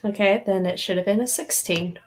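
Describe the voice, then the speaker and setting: A woman at a tabletop game talks in a mid-pitched, easygoing voice. She explains her spells and rolls casually, with a slightly weary tone. Her delivery is relaxed and conversational. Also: brisk, a little hiss or hum. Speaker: player.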